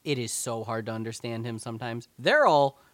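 A man's voice: mid-range voice, brisk. A man hosting a podcast, talking casually and animatedly, with lots of filler words and the odd swear. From New York. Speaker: podcast host. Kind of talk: casual chat. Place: home in Connecticut.

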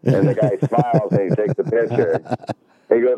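A fairly quick, fairly low male voice comes through a dry, tinny, phone-like recording over a noisy crowd. The speaker, a golf shop worker, tells a work story in a lively, casual way, swearing freely and acting out what everyone said.

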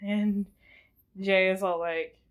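A woman's voice: medium pitch, fairly even intonation, slow pace. A young woman casually recapping a film as a podcast host, chatty and giggly, rambling with lots of fillers. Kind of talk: casual chat.

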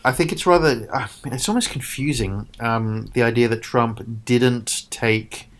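A man's voice: mid-range voice, unhurried. A man co-hosting a casual chat, ranting sarcastically and swearing. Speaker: podcast co-host.

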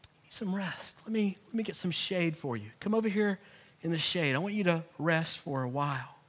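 A man's voice: on the high side, lively intonation, normal speed, pitched below the performer's own voice. A man preaching, acting out God as a fatherly figure who ribs and then soothes. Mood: tender. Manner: sarcastic ribbing, then soft and soothing. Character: God, fatherly male deity, teasing then tender.

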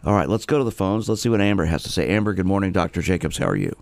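A deep-voiced man hosting a call-in radio program, talking in a bone-dry, close sound. He stumbles into restarts and repeated words as he talks with callers. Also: rapid-fire, dry recording. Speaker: radio show host.

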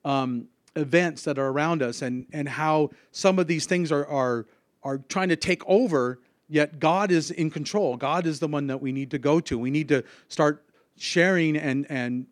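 A man giving an informal sermon, earnest and halting, with many restarts. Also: fairly high pitch, no room sound, clean studio sound. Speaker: lay preacher.

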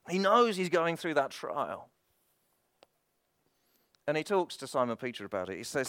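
A man's voice: fairly high pitch, animated, normal speed, pauses often, a bit bright, no room sound, studio quality. A man preaching a sermon with an impassioned, repetitive cadence and frequent restarts.

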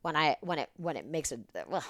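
Woman guest, low voice, dry close mic, rambling and profane storyteller. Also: a little fast, no echo. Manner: rambling, animated, swears freely. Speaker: podcast guest. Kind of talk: casual storytelling chat.

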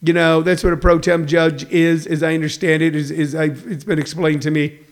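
A man's voice: on the high side, little pitch movement, fairly quick. A man hosting a show, ranting bluntly and mockingly for laughs. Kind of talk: comedic rant.

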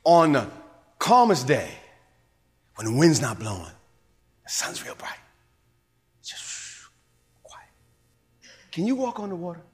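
A man preaching a sermon as bishop and pastor, swinging from hushed whispers to emphatic shouts. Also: a little high, wildly swooping pitch, measured pace, long pauses, long reverb tail. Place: church sanctuary.

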